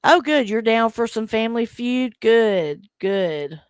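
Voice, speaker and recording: A woman's voice: on the high side, animated, slow, clean tone, no echo, clean studio sound. A woman hosting a casual live stream, chatting with viewers, teasing them and laughing often as she reads the chat aloud. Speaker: livestream host.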